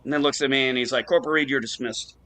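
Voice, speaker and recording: A man on a casual online talk show, telling lively anecdotes, acting out the people he quotes and swearing freely. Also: mid-range voice, very fast. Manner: animated anecdote teller, acts out quoted voices, swears casually. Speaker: show co-host. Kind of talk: casual storytelling chat.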